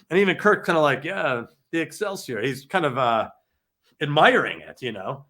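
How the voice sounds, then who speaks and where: A man's voice: on the high side, very animated, a little slow, bright, forceful tone. A man appearing as a guest author on a podcast, talking movies in an enthusiastic, jokey way. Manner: enthusiastic, jokey, laughs often. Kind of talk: casual film discussion.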